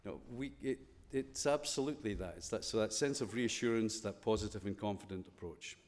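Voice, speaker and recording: A man's voice: on the low side, a little fast, darkish tone, long reverb tail. Scottish man giving a chapel talk. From Scotland. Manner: conversational, playful, full of rhetorical questions. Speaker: school chapel speaker. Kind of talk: informal chapel talk to students. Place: school chapel.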